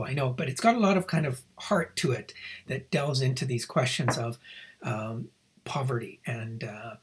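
Very breathy male lecturer. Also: medium pitch. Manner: reflective, explains with asides. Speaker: literature lecturer. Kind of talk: recorded slide lecture.

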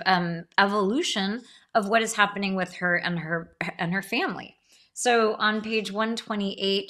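A woman's voice: mid-range voice, pushed and bright. A woman lecturing on a novel, enthusiastic, stumbling over restarts and fillers as she reads passages aloud. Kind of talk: literature lecture.

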